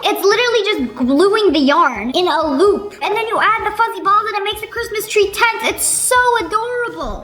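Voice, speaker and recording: Bubbly high-voiced young woman vlogger. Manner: chatty and animated, slangy with frequent "like" and "bro". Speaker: video reaction host. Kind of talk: casual reaction commentary. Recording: echoey room with faint music.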